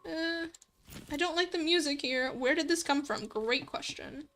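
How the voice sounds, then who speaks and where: A woman's voice: high-pitched, measured pace, a bit bright. A young adult woman streamer in casual let's play commentary, chatty and giggly, thinking aloud. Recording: faint background music.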